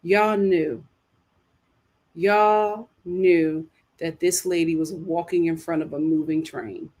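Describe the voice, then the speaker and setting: A woman hosting a casual livestream, giving animated, opinionated reactions and talking straight to her chat. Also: fairly low pitch, slow pace. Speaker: livestream host. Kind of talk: casual reality-show review livestream.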